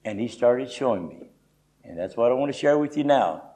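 A man's voice: medium pitch, animated, fairly quick, mellow, rough recording. A middle-aged man preaching a conversational sermon in a folksy, emphatic way, often adding "you know".

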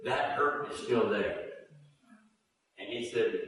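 A man's voice: mid-range voice, unhurried, pauses often, fairly bright tone. A male preacher telling a story in a conversational sermon, voicing the people in it. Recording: echoey hall from far off with faint noise.

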